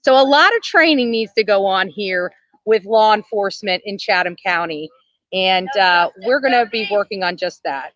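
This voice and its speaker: A man speaks to his livestream viewers from an outdoor protest, circling his point with lots of fillers. The audio is dry and muffled, like low-quality phone streaming. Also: expressive, moderate pace, fairly bright tone, no room sound. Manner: rambling, with many fillers.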